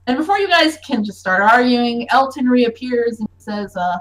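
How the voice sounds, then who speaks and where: A woman narrating as game master of a tabletop game, chatty and quick to laugh. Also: a little high, expressive, rough recording.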